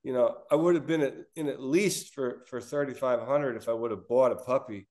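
A man who is a podcast guest, telling a story in a measured, casual way. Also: medium pitch, a little mellow. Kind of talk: casual chat.

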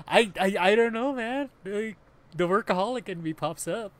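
Guy, podcast co-host, unhurried with a raised voice, giggly, repeats himself. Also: sits high, wildly swooping pitch, a bit bright. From Philippines. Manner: laughs often, repeats himself, swears freely. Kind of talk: casual chat.

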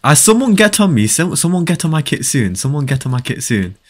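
Speaking fairly quickly in a higher voice, he chats casually with viewers during a live game stream. He's excitable and tends to repeat phrases while reading chat out loud.

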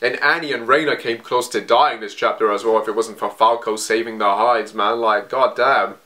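A man giving casual reaction commentary on a comic, emotional and excitable, rambling with many restarts. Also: lowish voice, moderate pace. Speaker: manga reaction vlogger. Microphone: phone.

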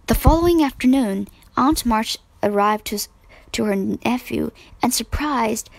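A woman reading a children's storybook aloud as narrator, slow and measured. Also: a little high, creaky, no room sound, rough recording.

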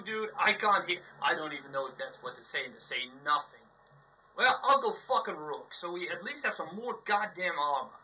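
A man's voice: high voice, sing-song, moderate pace, bright, forceful tone. A man commenting on his own gameplay in a casual way, swearing a lot and exclaiming in frustration. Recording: mic a bit far off, faint noise.

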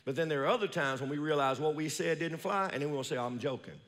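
A fairly high-voiced man preaching to his congregation in a church with a long ringing reverb. He stretches scripture out slowly, then drops into low, quiet asides and calls for the people to read along with him. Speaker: pastor. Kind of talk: sermon. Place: church sanctuary.

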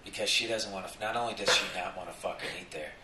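Brief: lowish male podcast storyteller, profane rants, echoey distant playback. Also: quick pace, a crowd in the background. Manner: profane, animated, jumps into loud acted quotes. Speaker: podcast host. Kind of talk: comedic storytelling monologue.

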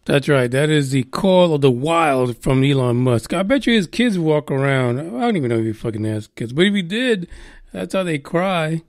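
A man's voice: on the high side, lively intonation, normal speed, dry recording, studio quality. Profane, rambling male podcast host. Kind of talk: casual news chat.

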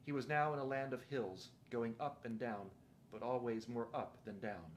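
A man reading a novel aloud in a steady, measured narrating voice. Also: medium pitch, a little hiss or hum. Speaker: reader.

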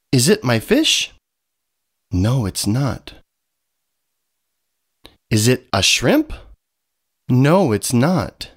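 A man voicing a cheerful young dolphin who introduces his family in a slow sing-song storybook reading. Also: medium pitch, husky, exaggerated voice. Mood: curious.

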